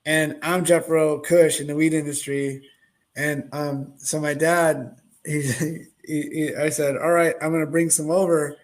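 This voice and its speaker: A middle-aged man telling a casual story in an animated way, acting out the voices of the people in it. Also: fairly high pitch, measured pace. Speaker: host, product owner.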